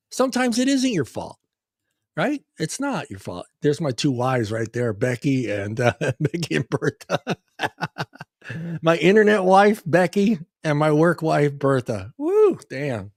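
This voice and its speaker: A man's voice: fairly high pitch, darkish tone, no room sound, clean studio sound. A man hosting a podcast in casual chat, joking and laughing loosely with plenty of swearing. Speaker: podcast host.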